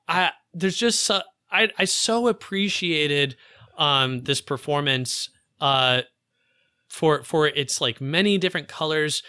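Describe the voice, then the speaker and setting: A man's voice: a little high, sharp tone, clean tone, dry recording, clean studio sound. A man co-hosting a podcast, talking about a film in a casual, enthusiastic way with many "like" fillers. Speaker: podcast co-host.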